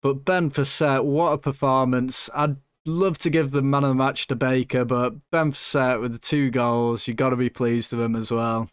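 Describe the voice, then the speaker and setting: A young man commentating his own football management game, excitable and swinging between nervous hush and loud joy, swearing now and then. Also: mid-range voice, smooth, dry recording, clean studio sound. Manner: excitable, swings from hushed nerves to shouting joy. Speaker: gaming YouTuber.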